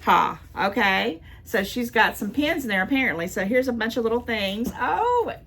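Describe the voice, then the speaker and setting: Near tears, a grandmother in her later years opens gifts on her vlog, chatting and gushing with repeated thanks. She speaks at normal speed in a fairly high, sing-song voice that's creaky, a bit bright, and husky.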